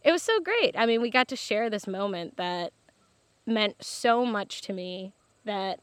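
A woman's voice: mid-range voice, a little slow, no room sound. Young woman, farmer, chatty, laughs a lot, dry recording. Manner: lively, laughs often, many fillers. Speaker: farmer guest. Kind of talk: casual storytelling interview.

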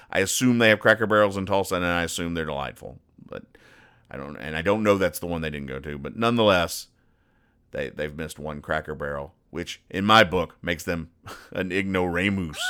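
A man's voice: sits low, sharp tone. A man hosting a comedy podcast, dryly over-explaining newspaper comic jokes with fillers and restarts. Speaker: podcast host reading comics.

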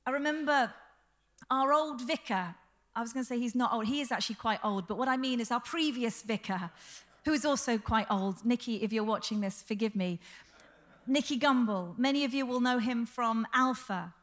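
A woman pastor preaching a sermon in a lively, earnest way with touches of humor. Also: a little high, normal speed. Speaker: senior pastor.

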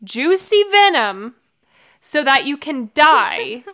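A woman's voice: high voice, sing-song, slow, a bit bright. A woman co-hosting a casual book-discussion podcast, scolding a character in a sassy, blunt way. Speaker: podcast co-host.

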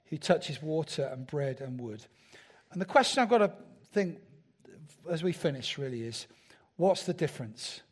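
A man's voice: a little high, a little mellow. A man preaching a sermon in a church, talking conversationally and asking the congregation rhetorical questions. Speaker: pastor.

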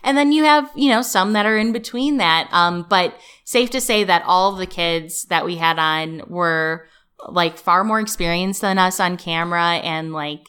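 A woman's voice: fairly low pitch, steady tone, measured pace, sharp tone, smooth. A woman from the American Midwest, a comedic actress, chatting as a guest in a casual interview and laughing often.

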